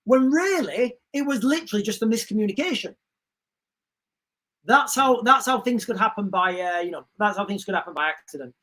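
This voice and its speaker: In a high-pitched voice that runs a little fast, a male host rambles through a casual livestream chat, reading comments aloud. He's chatty, restarts often, and adds animated asides.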